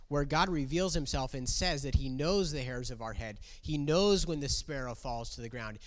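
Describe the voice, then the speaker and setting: A man's voice: medium pitch, a bit bright. A man preaching a sermon as pastor, talking conversationally and asking the congregation questions. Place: church. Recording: long reverb of a church hall.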